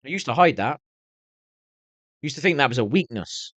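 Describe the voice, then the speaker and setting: A middle-aged man live-streams a rambling, candid chat with his viewers, cursing nonstop. He talks at normal speed in an animated, medium-pitched, slightly bright voice, and the recording is dry.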